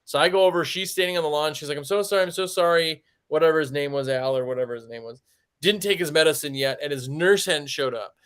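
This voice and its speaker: A man's voice: fairly high pitch, fast, clear, resonant tone. A man who runs a window cleaning business, chatting casually on a podcast and telling stories with lots of "like". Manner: chatty storyteller, heavy use of "like".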